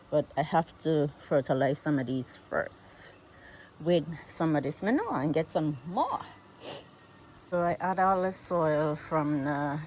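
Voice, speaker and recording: A woman vlogging casually outdoors on her farm, chatty and excitable, talking straight to her viewers from a handheld phone. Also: low-pitched, a little hiss or hum. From United States. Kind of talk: casual vlog narration while working.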